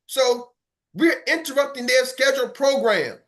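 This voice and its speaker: An unhurried man with an extremely high, slightly bright voice coaches his sales team in an online meeting. Emphatic and preachy, he repeats himself for punch, speaks directly to the live group and singles out listeners by name in this motivational talk.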